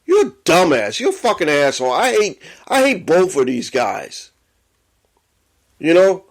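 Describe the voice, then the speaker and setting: A man's voice: a little high, wildly swooping pitch, measured pace, creaky. A man hosting a sports podcast, ranting angrily and swearing a lot as he gets worked up. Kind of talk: profane sports rant.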